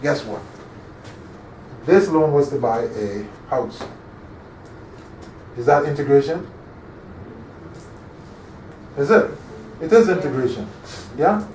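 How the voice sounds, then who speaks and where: A man's voice: a little high, unhurried, pauses often, darkish tone. A male instructor giving an interactive classroom lecture, often quizzing his listeners and checking that they follow. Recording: echoey room, distant mic, faint hum.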